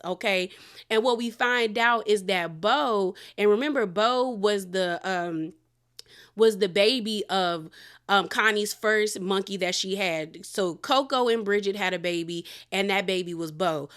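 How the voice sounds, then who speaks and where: A woman recaps a documentary episode in a loose, chatty way. Her voice sits at a middle pitch. She talks animatedly, exclaiming and laughing as she goes. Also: fairly bright tone. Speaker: show reviewer. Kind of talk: casual recap.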